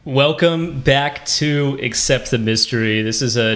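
A man's voice: mid-range voice, a little slow, a bit bright, slight background noise. A man hosting a podcast, talking casually and poking fun at himself, often trailing off and restarting. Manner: chatty, self-deprecating, trails off and restarts. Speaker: podcast host. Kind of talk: casual podcast chat and solo wrap-up.

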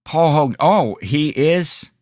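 A man's voice: fairly high pitch, lively intonation, slow, darkish tone. A man co-hosting a podcast in casual chat, rambling with frequent laughs and restarts. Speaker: podcast co-host.

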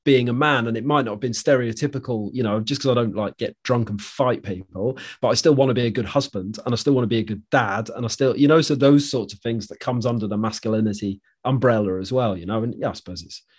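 A young man hosting a podcast, speaking softly and reflectively, with a self-deprecating manner. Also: medium pitch, fast, few pauses, husky. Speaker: podcast host. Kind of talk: reflective conversational chat.

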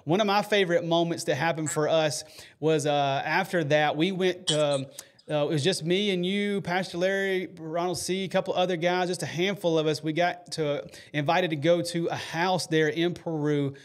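A man's voice: a little high, fairly even intonation, normal speed. A man hosting a faith podcast, telling a story earnestly and emotionally, with many fillers and restarts. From United States. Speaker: podcast host.

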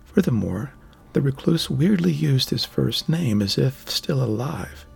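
Male fantasy-audiobook narrator, gravelly, mid-range pitch, measured delivery. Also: lively intonation, a little mellow, soft background music.

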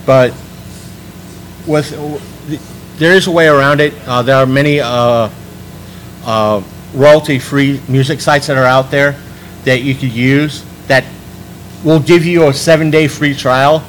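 A man's voice: mid-range voice, steady tone, a little slow, pauses often, slight background noise, rough recording. A man hosting a podcast panel, talking casually and rambling with frequent restarts. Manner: chatty, rambling with many restarts.

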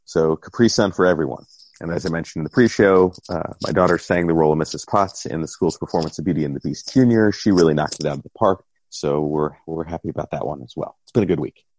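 A man's voice: very deep voice, quick pace, a little mellow. A middle-aged man co-hosting a podcast in easygoing, casual chat with dry humor, on a close mic. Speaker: podcast co-host and game master.

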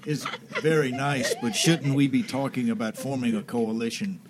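A man voicing a solemn male warrior in a tabletop game, speaking slowly and gravely. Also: medium pitch, noisy background, natural voice.

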